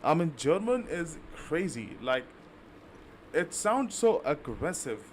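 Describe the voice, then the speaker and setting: A man's voice: on the high side, sing-song, takes it slowly, slight background noise. Chatty Indian man rambling on stream. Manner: chatty, rambling, many fillers and restarts. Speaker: livestreaming gamer. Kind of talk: casual live-stream chat.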